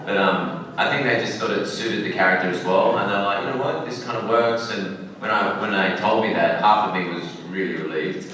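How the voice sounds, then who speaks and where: A man's voice: low-pitched, steady tone, a little fast, hardly any pauses, fairly bright tone, a little hiss or hum. A man with a New Zealand accent, a guest actor on a convention panel, answering with easy laughs. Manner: laughing, self-deprecating. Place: large convention hall. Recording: echoey hall from far off.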